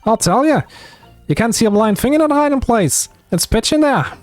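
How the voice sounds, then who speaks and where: A cheeky girl pickpocket from a game, as a man puts her on, brash and full of herself. Her voice sits high and bounces all over, in a rough street accent. The recording is dry and close, with faint game music behind. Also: animated, normal speed, dry recording. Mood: chatty. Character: cocky young female street urchin thief.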